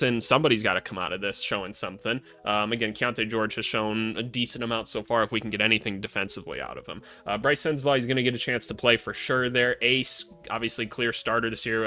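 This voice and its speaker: A young adult man hosting a casual basketball commentary vlog, blunt and sarcastic and quick to swear. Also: mid-range voice, bright, forceful tone. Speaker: basketball analyst, channel host.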